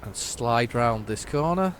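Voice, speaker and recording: A man's voice: medium pitch, expressive, measured pace, slight background noise. A man hosting a gaming channel, giving casual, playful commentary as he narrates his driving aloud.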